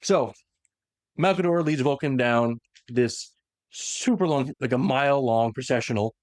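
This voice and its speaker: Man, podcast host, casual storytelling, fillers and restarts, mid pitch, dry close sound. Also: expressive, unhurried, a little mellow, no echo. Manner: rambling, self-correcting with many fillers. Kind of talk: casual lore retelling.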